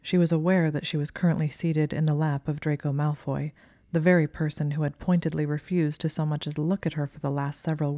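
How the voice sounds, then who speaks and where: A woman reading a story aloud in a soft, hushed, breathy way on a close microphone. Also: deep voice, no room sound. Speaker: audiobook narrator. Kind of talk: story narration.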